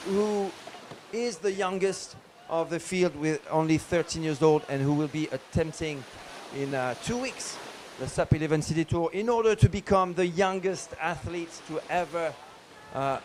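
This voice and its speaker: A man with a notably high voice calls a paddleboard race live. He talks in an excited way and pauses on many fillers. Faint background noise sits under his voice. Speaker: race commentator. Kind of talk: live sports commentary.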